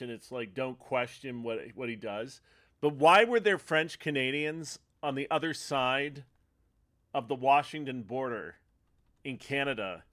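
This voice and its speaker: A man's voice: medium pitch, fairly bright tone. A man streaming a retro game live, chatting casually in a rambling way and laughing often. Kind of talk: casual chat over gameplay. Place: home streaming setup.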